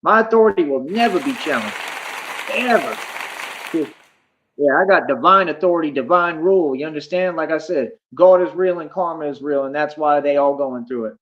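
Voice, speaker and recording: A man's voice: a little high, moderate pace, a bit bright, poor audio. A man livestreaming, ranting boastfully at his chat, defiant and repetitive, calling listeners homie. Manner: brash, defiant, repeats himself and calls listeners homie.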